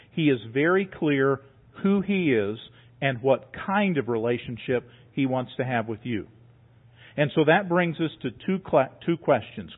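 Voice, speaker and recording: A man preaching a sermon in a church, his voice somewhat high for a man. He talks earnestly and builds emphasis through repeated words. The sound is thin and tinny, as if heard over a phone line. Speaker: pastor.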